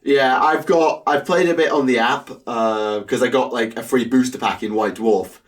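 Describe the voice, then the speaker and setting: A man's voice: medium pitch, far from the mic. Chatty man co-hosting a podcast. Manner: chatty, quick to laugh, many fillers. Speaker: podcast co-host. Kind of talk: casual podcast chat.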